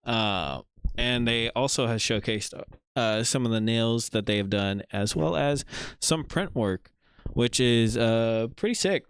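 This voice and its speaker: A man hosting a casual livestream, chatting in a relaxed, rambling way with many fillers while showing viewers' art. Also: mid-range voice, measured pace, clean tone, dry recording. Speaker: livestream host.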